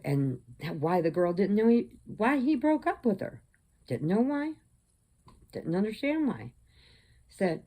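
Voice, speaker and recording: A woman's voice: sits low, a little mellow. A woman hosting a crafting channel, telling a story in a rambling, conversational way with frequent restarts. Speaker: crochet channel host. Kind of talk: casual storytelling chat.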